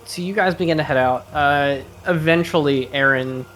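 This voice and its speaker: A man running a tabletop game, narrating scenes in a relaxed way with casual fillers. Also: fairly high pitch, normal speed, faint music behind. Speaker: game master.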